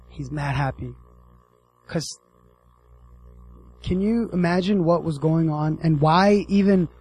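A man's voice: high voice, husky, poor audio. A man giving a casual sermon as a youth pastor, joking and calling out to his listeners. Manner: animated, joking, addresses the audience directly.

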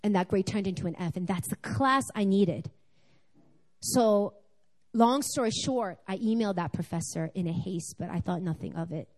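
A woman speaking at a church service, telling a personal testimony in an animated, storytelling way. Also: medium pitch, normal speed. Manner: animated storytelling, acting out dialogue.

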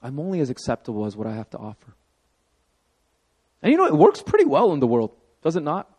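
A man in his thirties preaching a sermon as pastor, telling a personal story with animated emphasis. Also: a little high, quick pace, husky.

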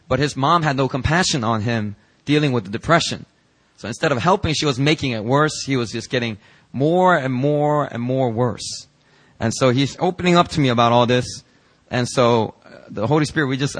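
A man, a pastor, telling a story in a sermon and acting out its dialogue with lively emphasis. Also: mid-range voice. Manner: animated, acts out the dialogue in his story. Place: church sanctuary.

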